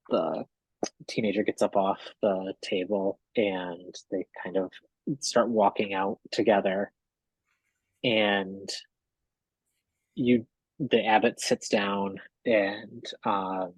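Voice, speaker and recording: Low husky guy running a tabletop game, super slow, lots of ums, dry mic. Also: no echo, low-quality recording. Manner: slow, hesitant narration with fillers. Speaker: game master.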